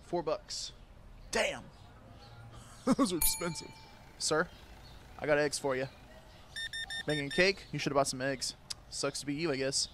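Crude, sarcastic young man yelling at a game. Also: on the high side, measured pace, pauses often, background noise. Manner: crude, sarcastic, swears a lot, yells at customers; jumps between mutters and loud outbursts. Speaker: gaming video creator. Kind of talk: casual gameplay commentary.

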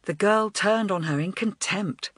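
A woman narrating a children's storybook in an expressive, animated way. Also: mid-range voice, unhurried, breathy edge, dry recording. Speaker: audiobook narrator.

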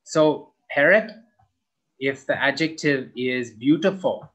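A young adult man teaching an English grammar lesson, slowly stretching out key words as he models them for students. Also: mid-range voice, a bit bright, poor audio.

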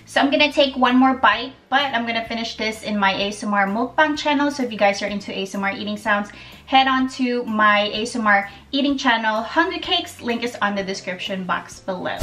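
Chatty woman vlogger, slightly high voice. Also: fairly bright tone, distant mic. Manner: chatty and upbeat, with light laughs. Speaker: cooking vlogger and host. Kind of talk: casual food-tasting vlog. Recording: off-mic with faint background music.

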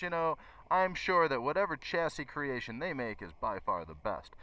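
A man's voice: a little high, very animated, moderate pace, bright, forceful tone. A man who runs a motorcycle shop, giving a chatty, enthusiastic bike review to his viewers. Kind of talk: casual bike review vlog.

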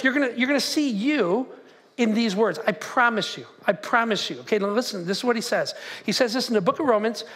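High-pitched male pastor, lively preaching, engages the room with questions. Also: a little fast. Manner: animated, talks to the crowd with questions. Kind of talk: sermon. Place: church auditorium.

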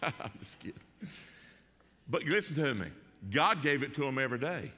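Man, Southern accent, pastor, sermon, folksy, rhetorical questions, bright tone, echoing sanctuary. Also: medium pitch, very animated, normal speed, slight background noise. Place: church sanctuary.

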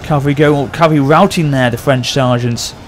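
A man hosting a gaming channel, excitedly commentating a battle over gameplay and often addressing his audience. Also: mid-range voice, a little fast, a little hiss or hum.

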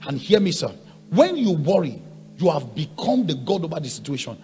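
A male pastor delivers a sermon in a fairly high voice that swoops and leaps. He drops to quiet asides, then rises to shouted, repeated rhetorical questions. Soft music plays faintly behind him. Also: big pitch swings, moderate pace. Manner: emphatic preaching, swinging from quiet asides to loud shouts.

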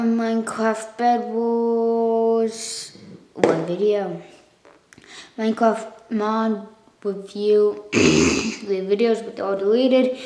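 A woman, the owner of the channel, records a casual thank-you vlog on her phone, rambling and correcting herself as she goes, with some coughing and throat clearing. Her voice is medium-pitched with a dark tone, and the sound is reverberant.

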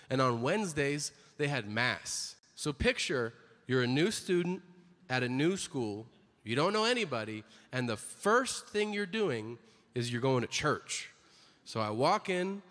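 A man performing stand-up comedy on a theater stage, telling stories with animated delivery and jumping high for quoted voices. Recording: large hall with reverb, faint noise.

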